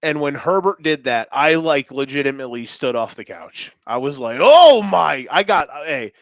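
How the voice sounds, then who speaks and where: A man co-hosting a sports podcast, talking fast and animated with swearing and jokes. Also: medium pitch, dry recording. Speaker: podcast co-host. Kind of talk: excited sports talk.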